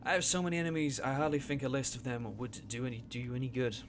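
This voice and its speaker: A touchy former gang leader from a video game, short-tempered and defensive, read aloud by a man. His speech is curt and guarded. The voice sits at an ordinary middle pitch. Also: steady tone, fast, background noise, lightly acted.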